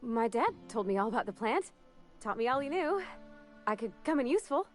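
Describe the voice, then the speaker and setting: A woman's voice: fairly high pitch, very animated, brisk, faint music behind. A woman voicing a shy, apologetic young woman mechanic in a video game, hesitant and stammering, with rural turns of speech.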